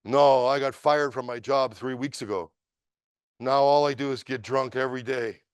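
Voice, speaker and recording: A hulking, dishevelled drunk barks and grumbles on a crowded train, as a man voices him while telling a story. The voice is pushed a little higher than his own, gruff and slurring. The sound is dry and close. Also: steady tone, moderate pace, no room sound, natural voice. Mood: ashamed. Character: drunk, dishevelled large man on a train, belligerent then ashamed.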